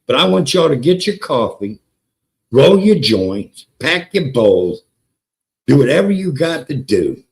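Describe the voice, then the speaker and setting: A man hosting a casual livestream, excitable and profane, greeting chatters by name and repeating words for emphasis. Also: a little high, poor audio. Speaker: livestream host. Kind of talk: casual live-stream chat with viewers.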